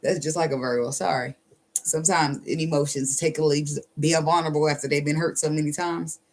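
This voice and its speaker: A woman's voice: low-pitched, fairly even intonation. Blunt, profane woman reading tarot. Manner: blunt, profane and sassy, laughs often; drawls some phrases slowly for emphasis. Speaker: tarot reader. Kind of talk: casual channeled tarot reading.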